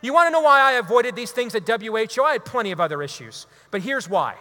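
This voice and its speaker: A man, a radio talk show host, giving an impassioned, preachy talk to a live audience. He is emphatic and builds to loud exhortations. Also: extremely high pitch, animated, fast. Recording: long hall reverb.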